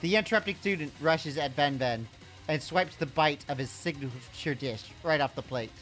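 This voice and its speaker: A game master narrating a live-streamed tabletop game in a low, dramatic storybook manner. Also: normal speed, fairly bright tone, soft background music.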